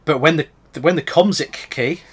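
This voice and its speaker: A man's voice: on the high side, moderate pace, breathy edge. A man hosting a casual podcast, reading reviews aloud with joking asides and frequent laughs. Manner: laughs often, reads reviews aloud with mock commentary. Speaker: podcast host.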